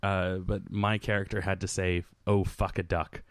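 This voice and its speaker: A young man co-hosting a casual chat show, teasing his friends and telling stories with many halting fillers. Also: low voice, level tone, no echo, clean studio sound. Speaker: podcast co-host.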